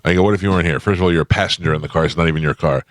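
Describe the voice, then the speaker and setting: A man's voice: low voice, very fast, no echo, clean studio sound. A man hosting a morning radio show, telling stories in blunt, wry casual banter. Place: radio studio. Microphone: studio microphone.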